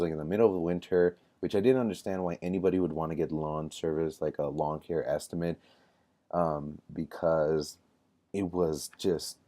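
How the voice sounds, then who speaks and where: A man's voice: low voice, mellow. A young man telling a rambling, casual story to camera, full of fillers and self-corrections. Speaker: vlogger.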